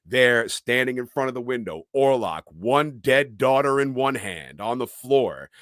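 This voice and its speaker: A man's voice: mid-range voice, animated, a little slow, a bit bright, dry recording, studio quality. A man co-hosting a podcast, telling a horror film's plot as a dramatic recap. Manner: dramatic storytelling recap with quoted lines. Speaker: podcast co-host.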